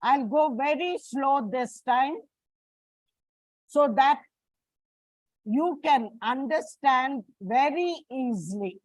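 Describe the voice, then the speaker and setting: A woman's voice: sits high, slow, pauses often, dry recording, rough recording. A woman teacher, giving a classroom lecture and explaining step by step. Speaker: English teacher.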